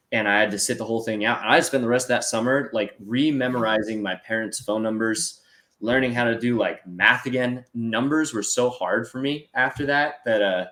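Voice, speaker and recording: A man in his twenties from the United States, an interview guest telling a story in casual chat, animated and full of fillers. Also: lowish voice. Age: 20s. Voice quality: animated, acts out voices in his story, many fillers like "dude" and "like". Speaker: interview guest, para snowboarder.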